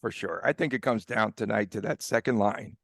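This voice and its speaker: A man's voice: on the low side, brisk, gravelly, a bit bright, no echo, clean studio sound. A man hosting a sports podcast, chatting casually and laughing often as he teases his co-host. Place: Las Vegas.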